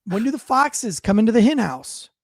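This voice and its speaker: A man's voice: high-pitched, very animated, moderate pace, dry recording, studio quality. A man who is a police officer hosting a casual interview, explaining through analogies and leading questions, blunt and profane. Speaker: police officer and podcast host.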